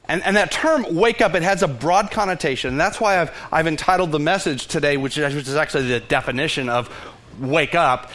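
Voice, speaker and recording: A middle-aged Texan pastor preaching with passion, his voice climbing and falling widely as he presses his point. He talks in bursts with many restarts and runs a little higher than most men. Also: a bit bright. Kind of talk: sermon.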